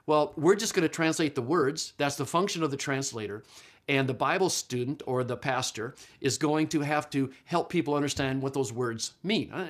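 A middle-aged man giving a conversational lecture on Bible translation, explaining patiently with frequent fillers and restarts. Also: mid-range voice. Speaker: Bible scholar and teacher.

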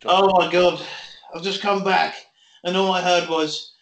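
High, bright man in an echoey room. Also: little pitch movement, unhurried, slight background noise. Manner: amused and laughing. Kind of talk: casual podcast chat.

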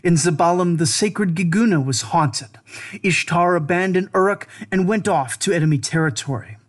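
A man narrating an ancient lament in a measured, solemn recitation. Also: high voice. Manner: measured, grave, deliberate.

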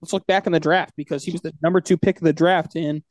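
A man's voice: on the high side, fairly even intonation, quick pace, no echo. A man co-hosting a sports podcast in casual chat, teasing his co-host and laughing often.

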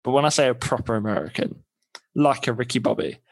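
A man co-hosting a podcast chats casually at a quick pace in a mid-range voice. His manner is dry and joking, and the recording is dry.

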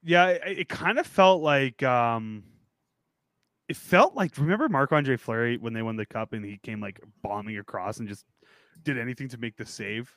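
A man's voice: medium pitch, expressive, moderate pace, a bit bright, dry recording, studio quality. A man co-hosting a casual sports podcast, laid-back and swearing freely. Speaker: podcast co-host.

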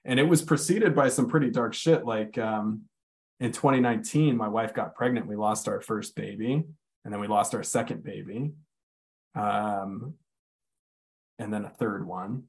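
Male guest, conversational storyteller, blunt and unpolished, slows down for weight. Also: fairly low pitch, vocal fry. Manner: candid, swears freely, many "like" fillers. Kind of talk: casual storytelling chat.

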